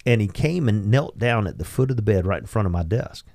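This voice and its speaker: Man, podcast host, lowish voice, dry close sound, animated storytelling. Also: brisk, creaky, dry recording. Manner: animated, acts out quoted lines. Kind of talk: casual storytelling.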